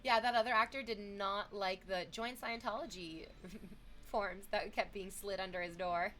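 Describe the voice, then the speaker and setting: Young woman streamer just chatting w her viewers, animated, bit of faint hiss behind. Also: mid-range voice, measured pace. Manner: chatty, animated, thanks subscribers, reads chat aloud. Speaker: livestreamer. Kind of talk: casual stream chat with viewers.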